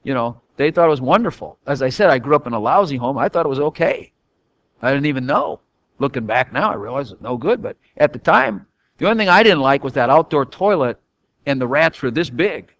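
A man's voice: medium pitch, lively intonation, fairly quick, a bit bright, dry recording, dull audio. An older man teaching from the Bible in a rambling, folksy storytelling way, chuckling often between stories.

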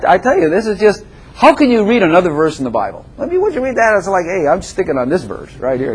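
An older man preaching a sermon as a pastor, emphatic and repetitive, swinging between loud declarations and softer asides. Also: a little high, husky.

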